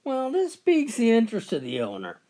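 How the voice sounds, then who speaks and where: A man telling a countdown of jokes with animated storytelling. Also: very high voice, brisk. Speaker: joke teller.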